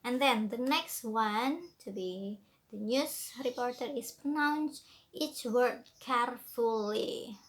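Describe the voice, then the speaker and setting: A woman with an Indonesian accent giving an explanatory lesson as a presenter, slow and deliberate with frequent fillers. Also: fairly high pitch.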